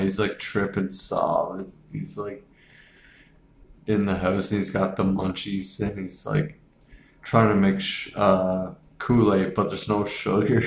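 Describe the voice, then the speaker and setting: Slow, halting male film reviewer. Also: sits low, creaky, slight background noise. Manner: halting, many filler words, chuckling. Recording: echoey room.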